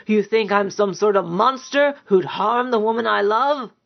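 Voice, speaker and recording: A woman's voice: medium pitch, lively intonation, unhurried, gravelly, husky, highs cut off, exaggerated voice. A woman doing a bellowing violent man. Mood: enraged. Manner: bellowing, angry.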